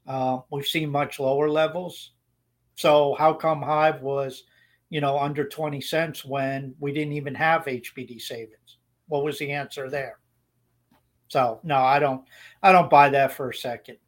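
A man with a fairly high voice talks on a podcast, rambling with frequent restarts. He gives blunt opinions in a relaxed, conversational way. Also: unhurried. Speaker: podcast co-host. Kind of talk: casual opinionated chat.

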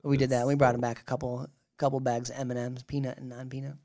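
A man's voice: medium pitch, little pitch movement, fast, mellow, slight background noise. A man from Michigan co-hosting a podcast, chatting casually and telling jokey stories. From Michigan, USA. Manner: jokey storyteller, acts out others' lines. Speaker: podcast co-host.

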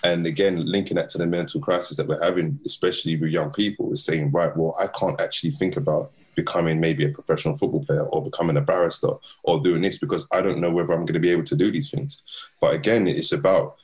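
Man, deep voice, husky, earnest, passionate interview guest. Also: fairly even intonation, quick pace, a little mellow. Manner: earnest and passionate, builds points in long runs. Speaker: guest, youth mentoring founder. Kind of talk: casual interview talk.

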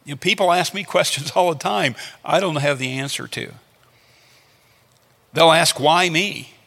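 Guy preaching, kinda high, gravelly voice, earnest and repetitive, long echo tail. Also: normal speed, fairly bright tone. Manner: earnest teaching with repeated phrases. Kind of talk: sermon. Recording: long hall reverb.

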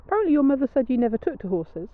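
A woman co-hosting a podcast outdoors in the hills, quick and teasing, who laughs easily. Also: high-pitched, sing-song. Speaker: podcast co-host. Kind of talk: casual outdoor podcast chat. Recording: narrow phone-like sound.

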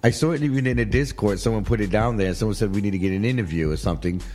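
Speaking very fast in a fairly low, slightly mellow voice, a man hosts a relaxed gossip chat with guests in a studio, faint music playing. He rambles, laughs a lot and repeats "you know what I mean."

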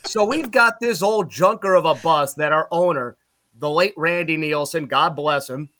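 Background noise sits behind this middle-aged man's voice, which is a little high and moderately paced. He's a play-by-play broadcaster from Utica, upstate New York, swapping road stories on a casual podcast, animated and loud at the punchlines.

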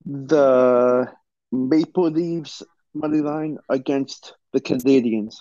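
A man giving sports betting picks in a measured, deliberate way, over a dull lo-fi remote line. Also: medium pitch, fairly even intonation, warm tone, dry recording.

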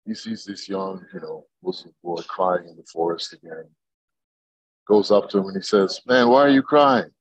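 A man from Egypt, a podcast guest, telling stories in a lively way, laughing and swearing freely. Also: sits low, moderate pace, slightly rough, dry recording, poor audio. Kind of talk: casual podcast chat.

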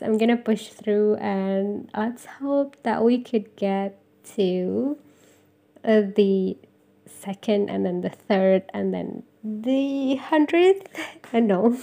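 Slow, gravelly-voiced Indonesian woman podcasting. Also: medium pitch, warm tone. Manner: rambling, self-deprecating, frequent ums. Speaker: podcast host. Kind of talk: casual solo podcast monologue.

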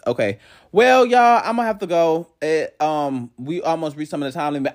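Gossiping and reading cards in a late-night casual chat from home, this podcast host speaks at a medium pitch, animated, swearing, and laughing often.

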